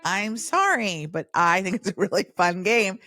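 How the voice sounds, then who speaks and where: Animated woman chatting on a podcast. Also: medium pitch, normal speed, over loud music. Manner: animated storyteller who acts out quotes. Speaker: podcast co-host. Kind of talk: casual chat.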